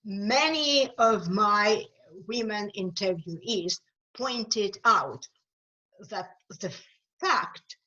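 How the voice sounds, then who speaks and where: A woman with a Ukrainian accent speaks unhurriedly in a webinar and answers questions with earnest emphasis. She fills her pauses with "um" and "you know". The sound is muffled and lo-fi, as on a video call. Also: mid-range voice, animated, pushed and bright. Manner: earnest, emphatic, with frequent fillers. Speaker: guest speaker, author.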